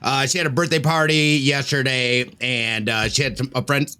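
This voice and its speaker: A man's voice: medium pitch, steady tone, normal speed, sharp tone, clear, resonant tone. A man in his thirties co-hosting a podcast, tired after a sleepless night and telling a rambling story with laughs mixed in. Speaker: podcast co-host. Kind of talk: casual chat.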